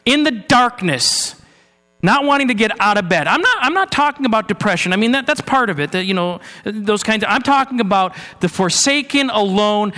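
A man preaching a sermon in a church, earnest, moving between raised urgency and low, hushed passages. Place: church sanctuary. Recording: long hall reverb with mains hum.

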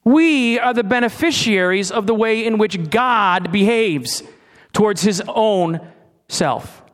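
Slowly and with lively intonation, a middle-aged pastor delivers a conversational sermon, quizzing his listeners and stumbling over restarts. His voice is high and fairly bright.

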